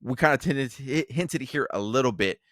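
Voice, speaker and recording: A man's voice: mid-range voice, animated, fairly quick, a bit bright, no echo, studio quality. A man co-hosting a casual podcast, rambling with plenty of fillers, restarts and swearing. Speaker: podcast co-host.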